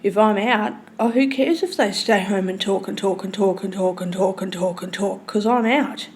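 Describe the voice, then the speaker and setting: A woman telling a long, rambling story in casual speech, swearing freely and swinging between loud and hushed. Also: medium pitch, normal speed, a little hiss or hum.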